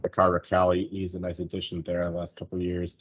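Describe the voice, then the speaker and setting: A man's voice: low-pitched, completely flat delivery, fast, husky, highs cut off. A man in casual sports betting chat, rambling loosely and swearing now and then. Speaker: sports betting podcast co-host.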